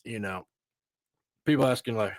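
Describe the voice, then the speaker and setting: A man's voice: fairly low pitch, normal speed, no echo. A man from Texas with a Texan twang, a guest in a casual interview, telling stories in an easygoing way with chatty asides. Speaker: guest, veteran and author.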